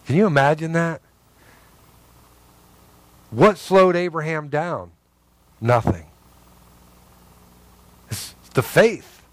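Guy preaching a sermon, kinda high voice, talks to the crowd, does voices for the quotes, dry close audio. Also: animated, slow pace, long pauses, no echo.

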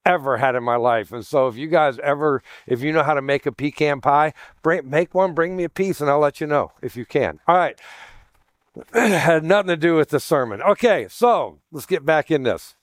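A pastor in a sermon, teaching in a chatty way, with joking asides and questions for the congregation. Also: male voice, a little high, expressive, moderate pace, dry recording, studio quality. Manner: chatty, jokey asides, asks the room questions.

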